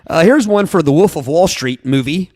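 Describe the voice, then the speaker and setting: A man co-hosting a podcast in casual chat, reading out joke reviews in a flat, deadpan way. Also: on the high side, normal speed, dry recording, clean studio sound. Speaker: podcast co-host.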